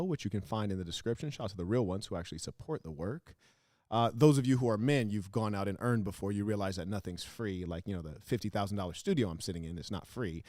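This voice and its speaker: A man's voice: fairly low pitch, dark tone, no echo. A man hosting a show, giving crude, mocking reaction commentary on video clips in his studio. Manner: brash, mocking, crude insults with sudden laughs. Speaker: host.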